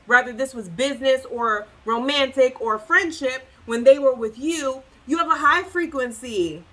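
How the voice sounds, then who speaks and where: Woman, tarot reader talking straight to the viewer; high, bright voice, emphatic and sassy. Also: poor audio. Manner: emphatic, preachy, repeats phrases for effect; sassy, incredulous outbursts.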